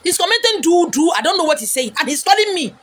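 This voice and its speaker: A high-voiced middle-aged woman with a Nigerian accent, ranting straight to her vlog audience. She scolds and hurls insults, her voice jumping up into sharp, loud outbursts. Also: big pitch swings, rapid-fire. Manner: wears a wig on camera. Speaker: vlogger.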